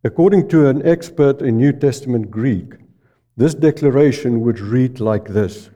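Slow, dark-voiced male preacher. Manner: slow, deliberate, drops low and soft on key phrases. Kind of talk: sermon.

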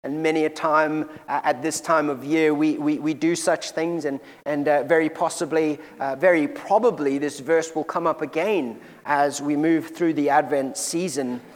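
A man preaching a sermon to a congregation in a church room, earnest and often repeating words as he goes, slowing down for scripture readings. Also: a little high, fairly even intonation, in a large hall.

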